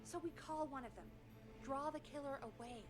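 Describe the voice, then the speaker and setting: An actress playing a quick-thinking female radio producer in a video game, lively and upbeat. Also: high-pitched, over music, natural voice.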